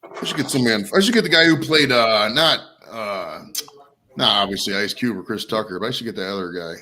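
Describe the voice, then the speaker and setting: A man's voice: on the low side, brisk, bright, forceful tone, a little hiss or hum, poor audio. A man hosting a podcast in casual chat, riffing in a jokey, profane way. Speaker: podcast host.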